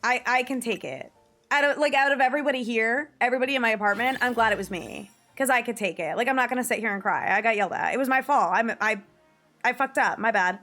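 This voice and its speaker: A woman's voice: fairly high pitch, fast, sharp tone, faint music behind. Chatty young New streamer woman. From New York / New Jersey area. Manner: chatty, swears casually, laughs often. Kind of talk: casual chat to viewers while gaming.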